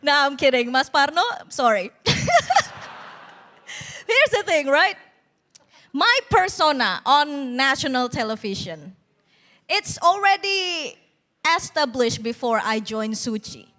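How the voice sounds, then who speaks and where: Woman, stand-up comic, high voice, unhurried, bold teasing self-mocking jokes, TV stage. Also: big pitch swings, bright, forceful tone. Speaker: stand-up comedian. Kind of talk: stand-up comedy routine. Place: TV competition stage.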